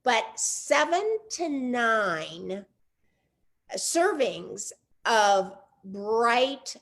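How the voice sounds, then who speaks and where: An older woman hosts a relaxed interview in a slightly high voice. She is playful and lively and slows down to stretch out the words she wants to land. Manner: playful and animated, drawing out key words slowly. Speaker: host. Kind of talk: conversational interview.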